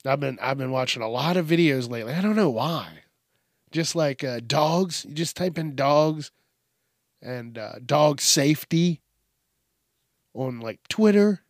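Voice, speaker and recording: Profane rambling man, slow and dry. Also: a little high, animated, no echo. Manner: profane, rambling, acts out bits in shouted voices. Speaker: podcast host. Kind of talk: casual comedic rant.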